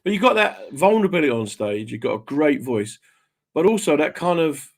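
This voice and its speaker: A man's voice: fairly high pitch, very animated, fairly quick, vocal fry. A man hosting a radio chat show, talking casually and joking with his guest. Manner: jokey, slips into mock voices.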